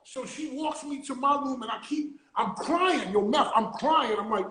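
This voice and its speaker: A man hosting an interview, telling a story in an excitable, stammering way. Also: very high voice, moderate pace, a little hiss or hum. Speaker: interview host. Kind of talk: casual chat. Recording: roomy echo.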